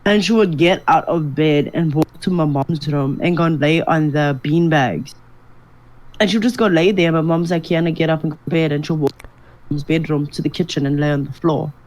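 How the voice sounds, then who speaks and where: A woman co-hosting a comedy podcast, telling stories in an animated way with frequent laughter. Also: deep voice, moderate pace, poor audio. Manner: animated storyteller, laughs often. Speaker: podcast co-host. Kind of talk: casual comedic chat.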